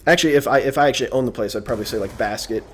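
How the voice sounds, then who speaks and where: A man's voice: medium pitch, very fast, a bit bright, husky. A young man vlogging a casual, sarcastic, rambling rant about an annoying shopper. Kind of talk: casual ranting vlog.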